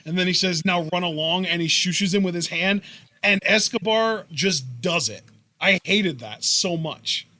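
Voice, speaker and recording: High, bright man giving blunt wrestling takes. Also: a little slow. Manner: opinionated, blunt, swears. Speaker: podcast co-host. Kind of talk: casual wrestling review chat.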